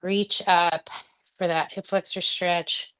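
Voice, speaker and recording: A woman's voice: lowish voice, level tone, takes it slowly, fairly bright tone, clear, resonant tone. A woman leading a live home workout class, counting reps and cueing breaths in a chatty way, with asides to her dog. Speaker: fitness instructor.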